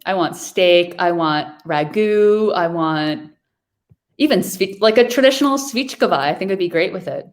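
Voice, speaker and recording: A woman's voice: lowish voice, animated, a little slow. A woman from New York hosting a virtual wine tasting over a video call, chatting casually and describing wines with enthusiasm.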